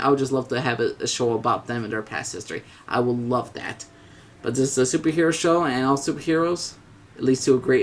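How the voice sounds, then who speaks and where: A man giving a casual, rambling video review, with many fillers and restarts, blunt and given to mild swearing. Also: mid-range voice.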